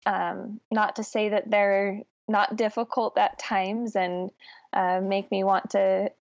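Casting note: woman, thirties, relaxed chatty guest, mid-pitched, dry close sound. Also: slow, creaky, dry recording, highs cut off. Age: 30s. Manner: chatty, laughing easily, many fillers. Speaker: podcast guest. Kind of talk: conversational interview.

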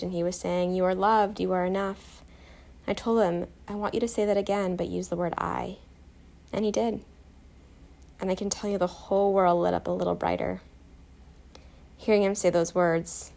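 A woman guiding a self-compassion meditation, soft, calm and encouraging, telling a short personal story. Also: lowish voice, vocal fry. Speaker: meditation guide.

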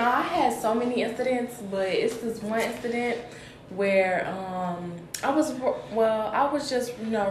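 A young woman, co-hosting a podcast, retelling a work story in a laid-back but emphatic way. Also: medium pitch. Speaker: podcast co-host. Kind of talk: casual chat. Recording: roomy echo with faint hiss.

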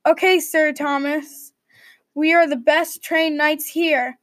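A woman reading the part of a brave, loyal young male knight who shouts orders. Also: sits high, little pitch movement, slow, dry recording. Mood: urgent. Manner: shouting commands.

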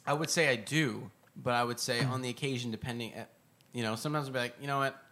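A young man co-hosting a podcast, telling animated, profane stories and arguing playfully. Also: medium pitch, fast talker. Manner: animated storyteller, profane, argumentative. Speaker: podcast co-host. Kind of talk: casual chat.

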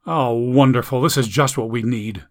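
A man's voice: mid-range voice, moderate pace, natural voice. A man voicing a sarcastic, exasperated adult daughter.

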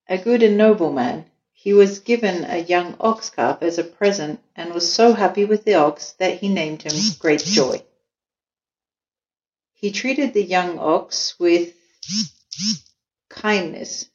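Gentle woman reading a children's story. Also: on the low side. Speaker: storyteller host. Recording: echoey room, dull lo-fi sound.

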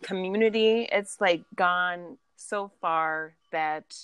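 A woman's voice: lowish voice, slow pace, smooth, dry recording, low-quality recording. A woman chatting on a podcast as a guest, telling stories and acting out the people in them. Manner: animated storyteller, acts out quoted friends. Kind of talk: casual chat.

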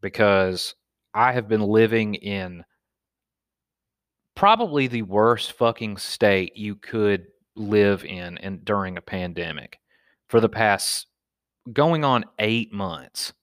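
A man's voice: lowish voice, slow, no room sound, clean studio sound. A man from Alabama with a Southern accent, telling stories in a casual, profane monologue as a podcast host and stand-up comic. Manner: profane, animated storyteller.

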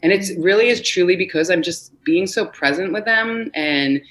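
Low-voiced earnest woman, rambling. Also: lively intonation, moderate pace, low-quality recording. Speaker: podcast guest, mother of two. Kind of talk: casual podcast conversation.

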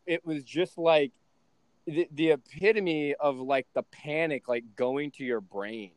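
Brief: male podcast host, swears a lot, lively storyteller, fairly high voice, dry close sound. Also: measured pace, dry recording. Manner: profane, animated storytelling. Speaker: podcast host and trading coach. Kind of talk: casual podcast chat.

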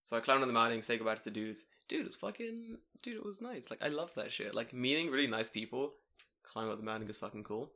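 A young man telling a story in casual podcast chat, animated, swearing and laughing. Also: medium pitch, quick pace.

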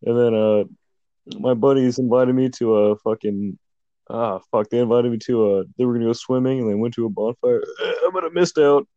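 A man's voice: mid-range voice, moderate pace, no room sound. A drunk man co-hosting a podcast, rambling loosely, laughing often and swearing a lot. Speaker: podcast co-host. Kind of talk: casual chat. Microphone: phone. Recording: dull phone mic.

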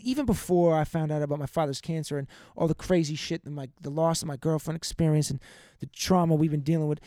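A young man with a fairly high voice hosts his own podcast and rambles through a profane, heartfelt rant. The sound is dry and close to the mic, with no room around it. He talks casually and now and then breaks off to greet listeners by name. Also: vocal fry, darkish tone, dry recording. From United States. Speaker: podcast host. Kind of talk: casual venting monologue.

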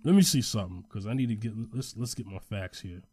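A man co-hosting a casual chat, animated when excited and trailing off quietly while he checks facts. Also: lowish voice, quick pace, slightly rough, no room sound, studio quality.

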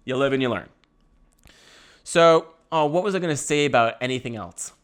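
A man's voice: medium pitch, normal speed, clean tone. A young man telling a rambling comic story, swearing freely, laughing often and breaking into self-mocking asides. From Canada.

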